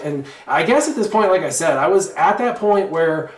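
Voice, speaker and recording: A man telling a story in casual chat, lively and rambling with lots of fillers. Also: high voice, fairly quick. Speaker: guest storyteller. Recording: roomy echo.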